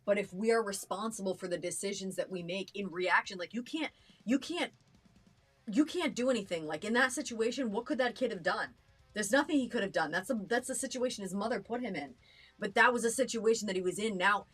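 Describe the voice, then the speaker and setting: A woman's voice: mid-range voice, fairly quick, husky, soft background music. A woman co-hosting a live stream, reasoning through a point with hesitant restarts. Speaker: co-host of a live reaction stream. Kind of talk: casual discussion.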